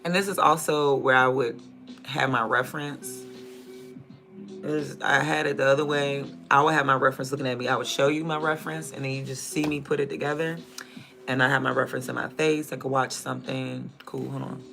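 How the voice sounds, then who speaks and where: A man with a DMV accent chats loosely to his livestream viewers. His voice is gravelly with fry, yet bright and forward in tone. He rambles and thinks aloud, often trailing off before he finishes a sentence. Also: mid-range voice. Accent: DMV (Washington, D.C. area). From Prince George's County, Maryland. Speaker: streamer. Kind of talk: casual livestream chat.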